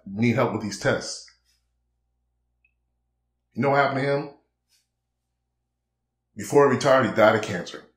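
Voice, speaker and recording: A man's voice: mid-range voice, measured pace, pauses often, reverberant. A man in a blunt, preachy casual monologue, peppering his talk with "man" and acting out quoted conversations. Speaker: vlogger.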